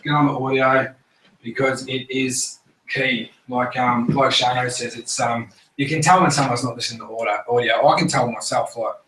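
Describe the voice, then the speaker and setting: A man's voice: medium pitch, steady tone, moderate pace, a bit bright. Blunt, swearing Australian man in an echoey room. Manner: blunt, swears a lot, acts out others' voices. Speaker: speaker at a business group meeting. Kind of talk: casual motivational talk. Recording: echoey room, mic at a distance, faint noise.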